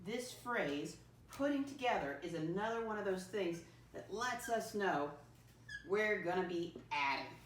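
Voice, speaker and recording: A woman's voice: mid-range voice, expressive, distant mic, a little hiss or hum. Teacher, female: patient first-grade math lesson, call-and-response style, recorded from afar in an echoey room. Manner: patient call-and-response teaching, slowly spelling out words letter by letter; keeps addressing children as "my friends". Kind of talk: classroom math lesson for young children.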